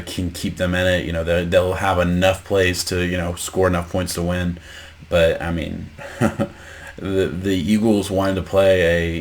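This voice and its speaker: A deep-voiced man gives his casual take on the week's football games. He talks loosely, doubles back on his words and builds into heated, profane rants about bad coaching. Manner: heated ranting, swearing, many restarts; laid-back reactionary musing. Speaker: sports podcast host. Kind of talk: casual sports reaction commentary.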